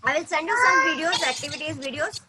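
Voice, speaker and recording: A woman with an Indian accent teaching an online class to small children, speaking slowly and simply and coaxing them along. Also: sits high, expressive, heavy background noise. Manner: slow, simple coaxing speech to toddlers.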